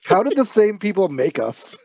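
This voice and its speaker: A man co-hosting a casual podcast chat, telling wry, jokey stories. His voice is fairly high and lively in pitch, recorded close and dry with no room sound. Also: moderate pace, creaky, no echo. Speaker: podcast co-host.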